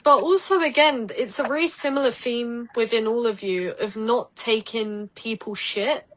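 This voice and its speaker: A woman's voice: on the high side, normal speed, a bit bright, low-quality recording. A woman with an Essex English accent, a psychic guest chatting casually on a podcast and giving tarot readings with lots of "like" and "um". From Essex, England. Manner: chatty, laughs easily, many "like" and "um" fillers.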